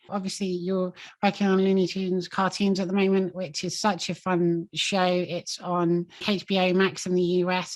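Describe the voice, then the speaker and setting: A woman hosting an interview, asking questions and admiring her guest. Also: on the low side. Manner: warm, admiring and complimentary. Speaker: interview host.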